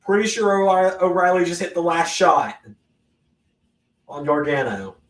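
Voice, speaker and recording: A man hosting a live watch-along of a wrestling event, reacting with sudden loud exclamations between casual remarks. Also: sits high, normal speed, distant mic. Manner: excitable, bursts into loud exclamations. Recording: roomy echo, voice off-mic.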